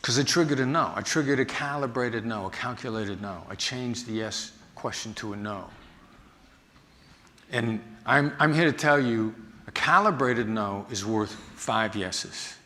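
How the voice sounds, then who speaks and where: A man who teaches negotiation gives a storytelling talk, acting out the people in his anecdotes with lively voices. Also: mid-range voice, unhurried. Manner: animated, acts out the people in his stories. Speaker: negotiation instructor and former FBI agent giving a talk.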